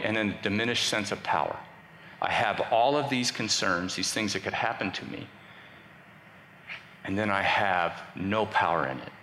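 A man's voice: lowish voice, bright, forceful tone, a little hiss or hum. A man preaching a sermon to a congregation, conversational and joking with the crowd. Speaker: pastor. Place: church sanctuary. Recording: echoey hall, faint ambience.

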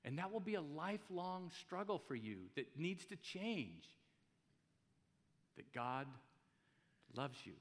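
In a church hall with long reverb, a male pastor gives a casual, joking sermon, putting rhetorical questions to his congregation. His voice is fairly high and expressive, slow, with long pauses, and his preaching is conversational.

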